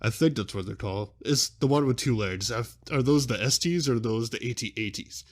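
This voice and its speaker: A man's voice: medium pitch, a little fast. A young man rambles eagerly on his podcast, hopping between thoughts and correcting himself as he goes. His voice sits in an ordinary middle register, and his chat is loose and unscripted. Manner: excitable, rambling, self-interrupting. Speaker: podcast host.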